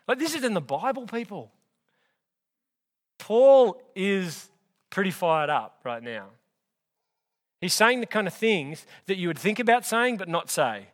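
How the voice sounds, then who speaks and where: A man delivers an expository sermon in a fairly high voice, emphatic yet conversational. He turns to his congregation often and speaks to them directly, pressing his points home. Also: sing-song, a little slow. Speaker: preacher. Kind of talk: sermon, expository Bible teaching.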